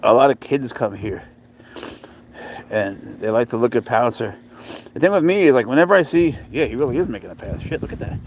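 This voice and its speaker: A man's voice: medium pitch, lively intonation, fairly quick, rough recording. Guy on a phone livestream rambling at his cat, swears a lot, laughs a bunch, medium voice, little bit of faint hiss behind him. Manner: profane, laughs often, coos baby talk at his cat. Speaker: cat owner live-streaming with his pet. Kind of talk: casual live-stream chat.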